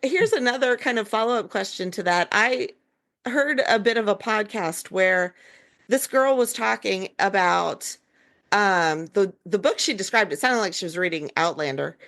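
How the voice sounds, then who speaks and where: A woman's voice: mid-range voice, animated, normal speed, fairly bright tone. Chatty woman podcast host. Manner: chatty, full of fillers and asides. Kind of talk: casual book-club chat.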